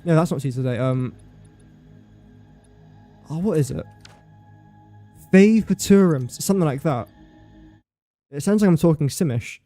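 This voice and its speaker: A man's voice: a little high, lively intonation, normal speed, long pauses, mellow, faint music behind. A man chatting casually during a gameplay livestream, playful and self-mocking, talking to objects in the game. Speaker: game streamer.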